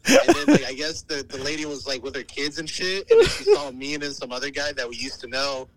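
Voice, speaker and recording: A man's voice: mid-range voice, huge pitch swings, quick pace, gravelly, dry recording, poor audio. A man, calling in to a podcast and rambling through a story with many fillers. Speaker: caller. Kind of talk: casual phone-in chat.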